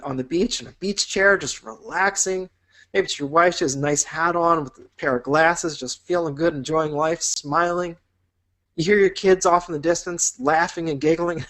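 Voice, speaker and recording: A male business instructor teaches a course in an upbeat, encouraging style, painting vivid imagined scenes for the listener in a motivational teaching talk. His voice is on the high side and a bit bright.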